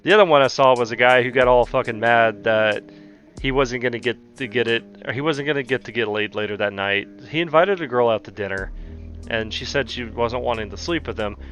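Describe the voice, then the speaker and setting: A man's voice: mid-range voice, a little fast, a bit bright. A young man with a mid-range voice, sounding fed up and exasperated as he rants and swears freely. He talks in a loose, conversational way over faint music playing behind him. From Southern United States. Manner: heated, exasperated, heavy swearing. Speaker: commentary channel host. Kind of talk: profane commentary rant.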